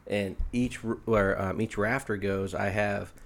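A man's voice: lowish voice, steady tone, unhurried, gravelly. A man in his thirties hosting a casual podcast chat, blunt and laughing as he tells stories. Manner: blunt storyteller, swears, laughs often. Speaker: podcast host. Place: barbershop.

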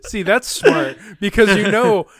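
A man's voice: sits high, big pitch swings, unhurried, a bit bright. A man co-hosting a casual anime podcast who rambles with lots of fillers and sounds amused as he talks. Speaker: podcast co-host. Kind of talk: casual anime discussion chat.

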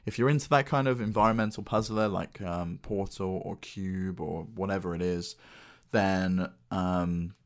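A man co-hosts a gaming podcast, and his voice sits a bit low. He talks about games in a relaxed, easygoing way, with the odd swear word. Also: measured pace. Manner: relaxed, chatty, mildly sweary. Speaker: podcast co-host. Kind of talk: casual podcast chat.

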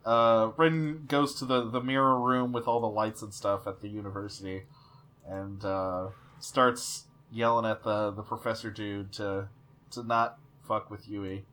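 A man's voice: lowish voice, fairly even intonation, measured pace, bright, forceful tone. A man co-hosting a podcast, chatting casually and animatedly, often acting out lines he quotes. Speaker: podcast co-host. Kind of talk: casual chat.

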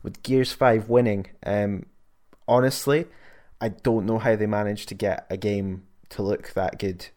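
A man's voice: lowish voice, a little mellow. A man chatting in an easygoing, thoughtful way on a gaming podcast, with plenty of ums. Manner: easygoing, thoughtful, filler-heavy. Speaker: podcast co-host. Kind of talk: casual chat.

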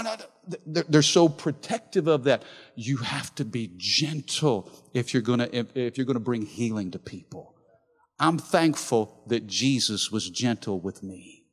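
A man preaching a sermon as pastor, passionate, swinging between loud emphasis and soft, quiet lines. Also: a little high. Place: large church hall. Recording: reverberant church hall.

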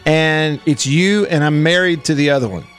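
Chatty higher-voiced male radio host. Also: normal speed, soft background music. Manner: chatty, rambling, laughs often. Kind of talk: casual on-air banter. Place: radio studio.

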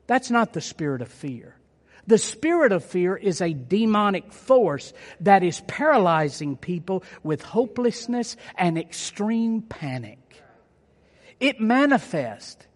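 A man with a notably high voice delivers an emphatic sermon, hammering home key phrases again and again. His words ring out with a long, lingering reverb. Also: big pitch swings, unhurried. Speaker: preacher.

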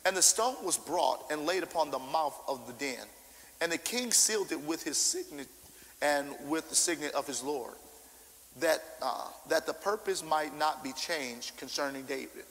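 A man preaching a sermon, informal and animated, acting out scripture and calling out to the congregation. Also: fairly high pitch, normal speed, in a large hall, low-quality recording. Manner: animated, acts out scripture with shouted character voices; informal, call-and-response preaching.

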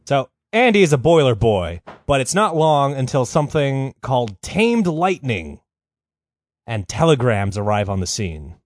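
A man's voice: medium pitch, very animated, measured pace, dry recording, studio quality. A man hosting a podcast, telling a history story in a loose, profane, rambling way with lots of fillers. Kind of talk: casual comedic storytelling.

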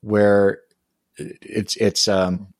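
A man with a very low voice, co-hosting a pop-culture podcast. He talks in an easy, conversational way, backing up and restarting his sentences. The recording is dry and close, with no reverb. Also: level tone, very slow. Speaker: podcast co-host. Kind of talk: casual pop-culture chat.

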